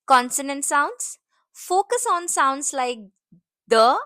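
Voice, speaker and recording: Slow, lively high-voiced woman teacher. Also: no echo, studio quality. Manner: slow, deliberate model phrasing for learners. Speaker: English teacher. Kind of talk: beginner English lesson.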